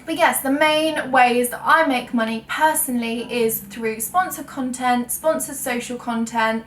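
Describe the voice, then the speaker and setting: Her voice is fairly high and fairly bright, and she talks a little slowly. A young woman working as a full-time blogger, she gives a frank sit-down chat to camera, self-correcting and laughing at slips, in an echoey room picked up by a faraway mic with faint ambient noise.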